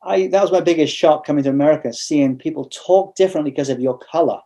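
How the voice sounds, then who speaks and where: A man's voice: on the high side, quick pace, vocal fry, dark tone. A man with an English accent, a guest in a casual interview, telling stories bluntly with frequent restarts. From England.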